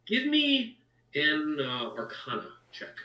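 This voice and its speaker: A man narrating a tabletop game as dungeon master in a casual, halting way. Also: a little high, huge pitch swings, bright, forceful tone, echoey room, distant mic, muffled recording.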